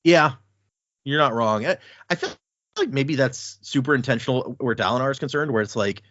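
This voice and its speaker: A man's voice: medium pitch, dry recording. A man recapping a fantasy book chapter in casual podcast chat, acting out characters' lines as he goes. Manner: animated, acts out characters' lines in quick voices. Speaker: podcast co-host. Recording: dull dry podcast audio.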